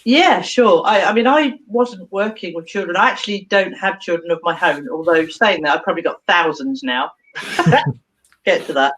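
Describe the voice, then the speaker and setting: A woman's voice: lowish voice, moderate pace, rough recording. A woman, a therapist, telling a story animatedly in an interview, acting out voices and laughing often. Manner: expressive, acts out dialogue, laughs often.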